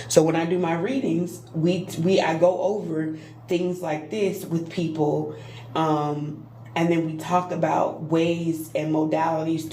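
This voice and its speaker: A woman talks earnestly into her phone on a live stream, teaching about healing as a spiritual reader. Her voice sits a little low, and she keeps checking in with her listeners and restarting her words. A faint ambient hum runs behind her. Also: a little mellow. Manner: earnest, repeats "right?" often, restarts words. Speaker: spiritual reader and Reiki healer.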